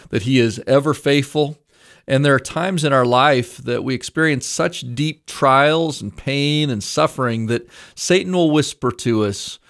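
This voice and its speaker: A male ministry host speaks in an earnest, steady, pastoral way, introducing the week's message. His pitch sits in the middle for a man. Faint music plays under his voice. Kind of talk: scripted introduction.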